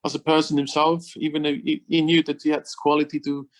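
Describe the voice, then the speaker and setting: This middle-aged Swiss former footballer talks fast in a high, fairly level voice as a guest in a casual interview. Enthusiastic, he repeats words and uses non-native phrasing.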